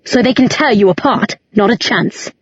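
A woman's voice: medium pitch, normal speed, slightly rough, no room sound. A woman voicing a fierce, defensive young man in an audiobook, clipped and intense. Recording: dull, muffled recording.

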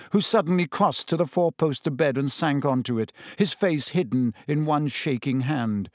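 Man, audiobook narration, slow, lively intonation, dry close sound. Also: mid-range voice, no room sound. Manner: expressive, deliberate storytelling.

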